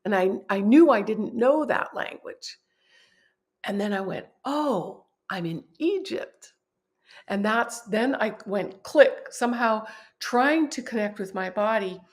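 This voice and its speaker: A woman guest on a podcast, telling a personal story in a vivid, animated way and often laughing at herself. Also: mid-range voice, a little slow. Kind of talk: personal storytelling in a conversational interview.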